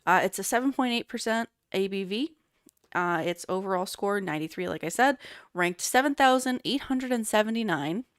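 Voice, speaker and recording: A woman co-hosting a casual podcast, talking loosely with lots of filler words. Her voice sits in a middle pitch. The sound is dry and close, with no room echo. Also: lively intonation, moderate pace, clear, resonant tone. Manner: chatty, reads beer details aloud with filler words. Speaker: podcast co-host. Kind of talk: casual chat.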